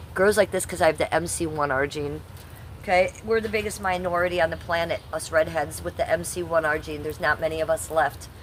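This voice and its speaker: A woman's voice: sits low, fairly even intonation, a little fast, slight background noise. A woman in her fifties live streaming casually, reading her chat aloud and answering it bluntly, swearing at hecklers. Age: 50s. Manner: blunt, combative, swears at chatters.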